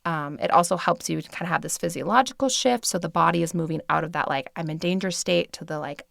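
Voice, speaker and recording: Hosting her solo podcast in studio quality with no room sound, this woman in her thirties, also a meditation teacher, speaks fast in a lowish, fairly bright voice with vocal fry. She's chatty and casual, using lots of fillers and laughing easily.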